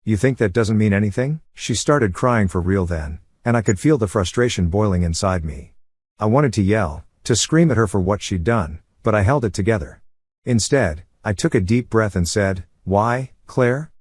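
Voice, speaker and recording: Husky low-voiced man telling a story. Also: expressive, moderate pace, darkish tone, no room sound, clean studio sound. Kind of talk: first-person story narration.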